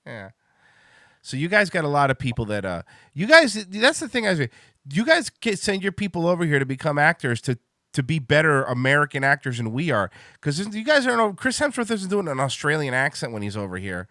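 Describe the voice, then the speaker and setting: A man's voice: fairly high pitch, big pitch swings, a little fast, sharp tone, no echo, clean studio sound. A middle-aged man from Miami hosting a casual podcast, blunt and crude, rambling with restarts. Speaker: host.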